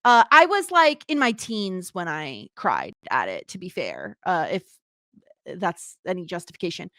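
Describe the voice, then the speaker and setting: A woman co-hosting a casual podcast, telling stories in a chatty, animated way. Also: on the low side, a little slow, dry recording, studio quality. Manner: chatty, animated storytelling with laughs. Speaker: podcast co-host. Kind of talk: casual chat.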